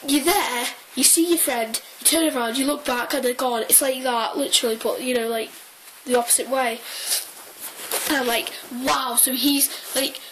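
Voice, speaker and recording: A young woman tells a story in a high, unhurried voice. She rambles excitably, piles on fillers and restarts her sentences. A faint hiss sits behind her. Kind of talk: casual storytelling.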